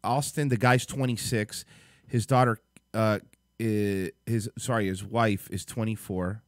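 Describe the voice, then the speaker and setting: Furious, swearing livestream host. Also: male voice, fairly low pitch, normal speed, dry recording, clean studio sound. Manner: angry, profane ranting; reads web text aloud in a flat mutter. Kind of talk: reacting to videos on a live stream.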